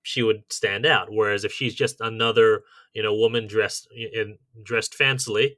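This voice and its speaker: Bright, dry-sounding male podcast co-host. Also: on the low side, fairly even intonation, normal speed, no echo. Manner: methodical, reads out lists of tips. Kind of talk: casual chat.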